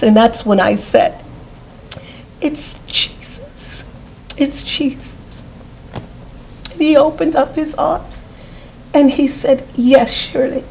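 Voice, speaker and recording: A woman's voice: medium pitch, darkish tone, poor audio. Earnest woman telling a personal testimony. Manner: earnest, repeats phrases for emphasis. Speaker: guest.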